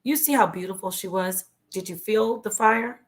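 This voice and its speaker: A woman's voice: mid-range voice, normal speed. A woman guest telling her story on a talk show, passionate and preachy, sometimes dropping to a whisper for emphasis. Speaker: guest, former member of a religious group.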